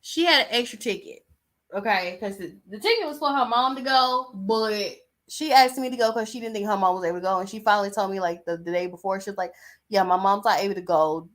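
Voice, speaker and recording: A woman's voice: medium pitch, fast talker, a bit bright. Chatty young woman telling a story. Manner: chatty slangy storytelling, loose and digressive. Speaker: host. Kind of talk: casual chat.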